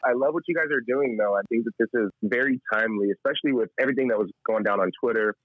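A man joining a podcast as a guest over a call, relaxed and upbeat in his manner. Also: mid-range voice, rapid-fire, narrow, tinny audio. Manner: relaxed, upbeat, warm-hearted.

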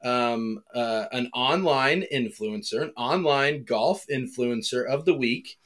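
Man, American accent, podcast co-host, casual animated banter, runs the segments. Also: medium pitch, measured pace. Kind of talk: casual chat.

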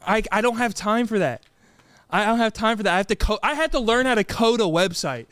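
A man's voice: high-pitched, animated, brisk, fairly bright tone, clean tone, no room sound. A young man co-hosting a podcast in casual chat, playful and mock-confessional. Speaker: podcast co-host.

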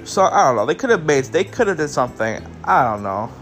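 A man's voice: fairly high pitch, sing-song, moderate pace, fairly bright tone, faint music behind. A man hosting a solo podcast, talking casually and rambling to his listeners, sounding tired and yawning, with some swearing. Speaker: podcast host. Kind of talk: solo wrestling review podcast.

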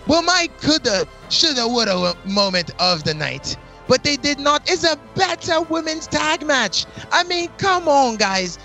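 A man's voice: very high voice, very animated, measured pace, sharp tone, faint music behind. A man hosting a casual wrestling awards chat, playful and exaggerated, swearing freely. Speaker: podcast host giving awards.

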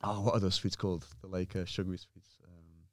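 A young man, a podcast guest, telling animated stories in casual chat, full of fillers and swearing. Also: sits low, brisk, dry recording. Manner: animated storyteller, swears freely, many fillers. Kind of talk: casual storytelling.

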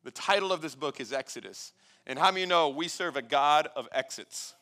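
A man preaching a sermon as pastor, calling for congregation response and swelling loud on key lines, with playful asides. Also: mid-range voice, brisk. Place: church sanctuary with congregation.

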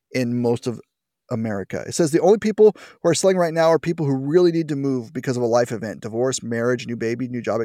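A man's voice: a little mellow, no room sound, clean studio sound. A man hosting a political talk radio show, mocking the news with wry, sarcastic asides. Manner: sarcastic, wry asides, big pitch swings. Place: radio studio.

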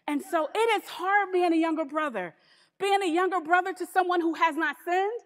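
High-voiced woman preaching in a hall. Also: moderate pace. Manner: lively, humorous preaching with emphatic asides. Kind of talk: sermon.

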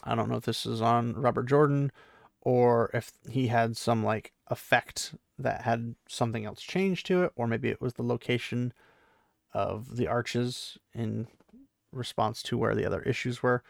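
A man with a gravelly, creaky voice chats his way through a book recap, rambling and peppering everything with "like." He slips into quick impressions of the characters as he goes. The sound is dry and close, with no room around it. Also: mid-range voice, dry recording. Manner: rambling, heavy use of "like", acts out characters' lines. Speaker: book discussion host. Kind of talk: casual book recap and commentary.

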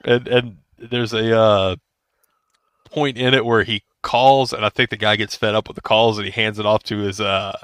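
A man's voice: fairly low pitch, flat delivery, normal speed, a bit bright, clean tone, no room sound, clean studio sound. A man in his thirties co-hosting a podcast, rambling casually with restarts and laughs. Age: 30s. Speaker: podcast co-host. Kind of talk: casual chat.

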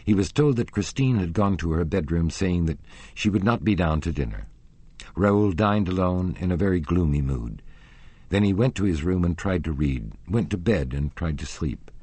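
A man narrating a classic novel as an audiobook reader, with measured, expressive storytelling. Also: sits low, slightly rough, dry recording.

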